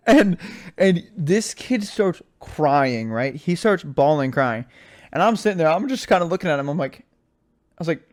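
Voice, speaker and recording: A man's voice: fairly high pitch, normal speed. A young man hosting a podcast on his own, chatting casually and telling stories with a lot of slang and filler words. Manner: animated storyteller, slangy, says "like" and "dude" a lot. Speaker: podcast host. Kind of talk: casual solo podcast chat.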